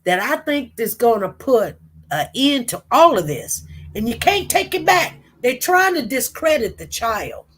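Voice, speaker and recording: A woman's voice: fairly high pitch, sing-song, measured pace, a bit bright, husky. A woman with a cold, coughing now and then, giving chatty live commentary and talking straight to her viewers and chat. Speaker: livestream host. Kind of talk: casual commentary livestream.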